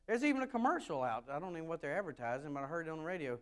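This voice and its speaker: A pastor from the United States preaching a sermon to his congregation, animated and rising loud when he reads scripture, with wry asides. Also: a little high, rapid-fire. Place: church sanctuary with a congregation.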